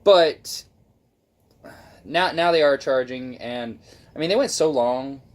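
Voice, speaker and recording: A man in casual gaming chat, rambling and excitable, swearing freely as he talks about game consoles. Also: medium pitch, slow. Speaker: co-host.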